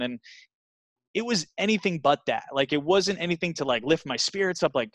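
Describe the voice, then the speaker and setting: A man's voice: fairly high pitch, lively intonation, brisk, fairly bright tone, no echo. A man in his thirties from New Jersey, a guest telling his story earnestly in a casual interview, with lots of fillers and restarts.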